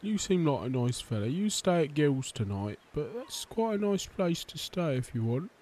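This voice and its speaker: A man playing a chatty, mellow turtle adventurer. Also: fairly high pitch, sing-song, moderate pace, a little hiss or hum. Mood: friendly. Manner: folksy, chatty, offhand. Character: friendly male turtle adventurer. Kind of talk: tabletop role-play.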